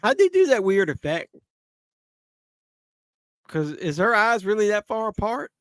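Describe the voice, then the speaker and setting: A man's voice: sits high, very animated, unhurried, no echo. A man hosting a live movie watch-along, making casual commentary full of crude jokes. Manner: crude joking banter. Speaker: live-stream host.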